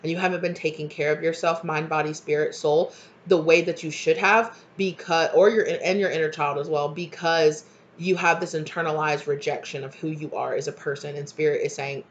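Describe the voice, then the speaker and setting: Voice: mid-range voice, steady tone, normal speed, dull audio. A tarot reader giving a casual collective reading, rambling through many fillers in an earnest, encouraging way. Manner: rambling, frequent fillers and "you know".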